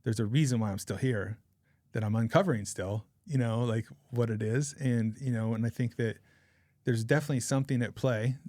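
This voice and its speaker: A man's voice: mid-range voice, fairly quick, a little mellow, dry recording. A man in his forties, a podcast guest, telling a rambling personal anecdote in a casual, chatty way. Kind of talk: casual storytelling.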